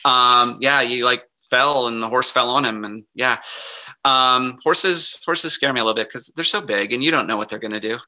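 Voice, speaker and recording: A male guest lyricist chats in a casual interview, eager and peppering his talk with "like". His voice has a strikingly bright, crisp edge at an ordinary pitch. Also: moderate pace. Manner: enthusiastic, many "like" fillers.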